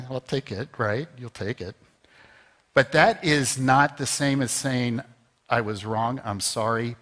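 A man's voice: medium pitch, fairly bright tone. Man preaching in a reverberant hall. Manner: conversational preaching, rising to emphatic peaks. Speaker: pastor. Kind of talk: sermon. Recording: long reverb of a large hall.

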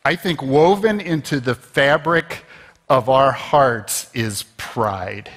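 Preaching slowly in a medium-pitched, slightly bright voice, this pastor's sermon echoes through a large, reverberant hall. He keeps a conversational tone that rises at moments to emphatic heights.

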